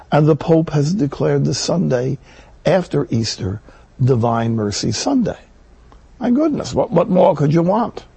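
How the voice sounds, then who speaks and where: Gravelly, husky older male preacher. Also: medium pitch, mellow, no echo. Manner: earnest, emphatic, rising on key words. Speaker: Catholic preacher. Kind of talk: sermon.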